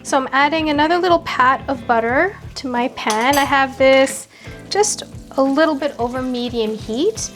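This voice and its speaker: A woman's voice: sits high, moderate pace. A woman hosting a cooking video, chatting playfully as she walks through each step of a recipe. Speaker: cooking show host. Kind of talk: casual cooking demonstration. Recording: background music under voice.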